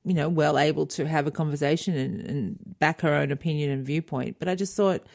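A woman's voice: low-pitched, fairly quick, creaky, darkish tone. A middle-aged woman co-hosting a podcast, chatting casually, laughing often and retelling conversations. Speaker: podcast co-host. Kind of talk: casual chat.

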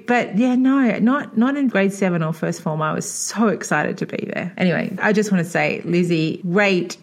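A woman co-hosting a podcast in casual chat, laughing often and animating her quotes. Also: lowish voice. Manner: chatty, laughs often, animated when quoting.

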